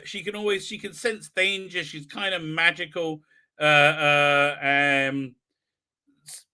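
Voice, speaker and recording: A man's voice: a little high, sharp tone, smooth. A man hosting a live stream, recapping an episode in a rambling, sarcastic way with many fillers. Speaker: host.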